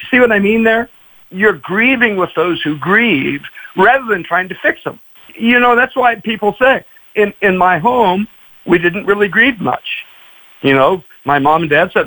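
Pastor guest, high and lively, dry studio sound, expressive storyteller. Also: male voice, normal speed, dry recording, low-quality recording. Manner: expressive, acts out voices, repeats "man" and "you know". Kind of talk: animated storytelling in a radio interview.

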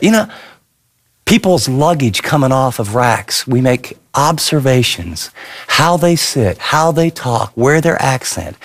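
A middle-aged man preaching a sermon as pastor, telling stories with sudden swings in pitch and pace. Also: lively intonation, normal speed.

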